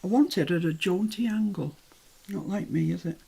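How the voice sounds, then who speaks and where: An English woman runs a live crafting demonstration, talking through each step in a chatty, self-deprecating way. Her voice sits a little low with a soft breathy edge. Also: moderate pace. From England. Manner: chatty, self-deprecating, thinks aloud while working. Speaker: craft tutorial host.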